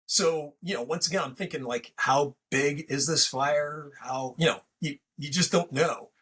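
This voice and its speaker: A man's voice: fairly high pitch, unhurried, a bit bright, slightly rough. A man hosting a podcast, telling a story in a rambling, casual way full of fillers and restarts. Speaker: podcast host.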